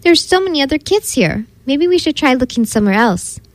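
A woman's voice: sing-song, fairly quick, dry recording. A woman voicing an eager young girl who keeps chasing after her runaway dog in a read-aloud storybook. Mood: coaxing. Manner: eager, high-pitched pleading.

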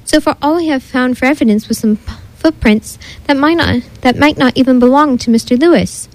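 A woman's voice: high-pitched, fairly quick, lightly acted, rough recording. A woman voicing a serious, suspicious young boy detective with an officious way of talking.

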